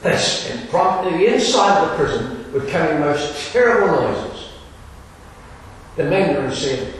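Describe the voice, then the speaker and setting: A man with a fairly high voice tells a dramatic story, expressive and deliberate, pausing for effect. His voice comes from far off and rings around a large hall. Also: a little hiss or hum.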